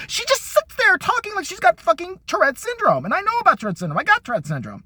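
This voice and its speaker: A man tears through a foul-mouthed political rant at speed, his voice pitched high and swinging wildly up and down. He mocks everyone he talks about. The sound is dry and close. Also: wildly swooping pitch, a bit bright, slightly rough, no room sound. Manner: fast, heavy swearing, mocking. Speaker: vlogger.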